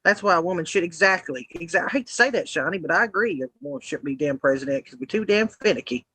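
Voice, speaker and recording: A woman's voice: lowish voice, expressive, quick pace, a bit bright, husky, no room sound. A woman co-hosting a casual livestream roundtable, blunt and profane, ranting and joking. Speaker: livestream co-host.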